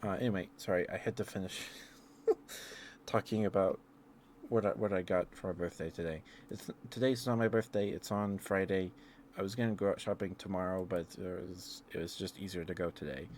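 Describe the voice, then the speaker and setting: A very low-pitched man chatting on a live stream. He talks in an excitable, rambling way, with many fillers and quick little laughs. He stays friendly with the viewers, with a faint hiss behind him. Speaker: ASMR streamer. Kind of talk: casual live-stream chat.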